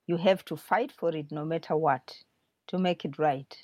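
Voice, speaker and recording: A woman's voice: low voice, moderate pace, darkish tone, no room sound, lo-fi sound. A woman reading aloud as a fierce young girl who scolds her friend for leaving home. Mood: accusing.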